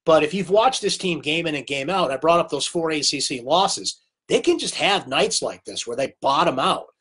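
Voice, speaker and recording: A man's voice: fairly high pitch, lively intonation, moderate pace, a bit bright, slightly rough. A man with a cold hosting a live sports recap, talking conversationally and answering viewer comments by name. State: has a cold. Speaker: sports talk host.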